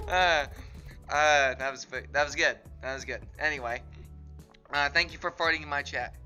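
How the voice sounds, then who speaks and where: A man chatting casually through a tier list. He rambles, cuts himself off, and giggles along the way, and his voice is very bright and sharp. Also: fairly high pitch, normal speed, faint music behind. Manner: rambling, self-interrupting, giggly. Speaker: gaming YouTuber.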